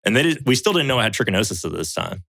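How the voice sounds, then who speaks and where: Very fast and fairly low-pitched, with vocal fry, a man's voice comes through a dry recording. He's a podcast guest and survival show veteran telling a story in casual chat, swearing freely. He animatedly acts out others' lines in raised voices.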